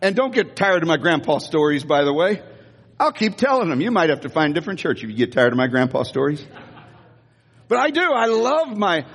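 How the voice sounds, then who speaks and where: An older American man, a pastor, preaching an animated sermon and calling on the congregation to repeat after him. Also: sits high, breathy edge, big-room sound. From United States. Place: church sanctuary.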